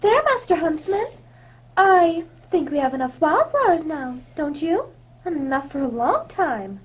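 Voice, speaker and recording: A woman playing a sweet, gentle young princess who frightens easily, in a radio drama. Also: high voice, very animated, measured pace. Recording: loud background noise.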